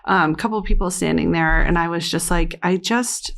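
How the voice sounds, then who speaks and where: A woman, a mother and interview guest, telling a painful family story in a halting way, full of restarts and fillers. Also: fairly low pitch, gravelly, fairly bright tone. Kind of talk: emotional personal storytelling.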